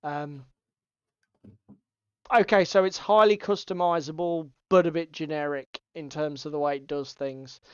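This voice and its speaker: A man rambles through a casual stream chat, cursing freely. His voice is smooth and resonant. The recording is dry and a little dull. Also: fairly high pitch, fairly even intonation, a little slow, dry recording. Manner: swearing, rambling, laughs often. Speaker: co-host.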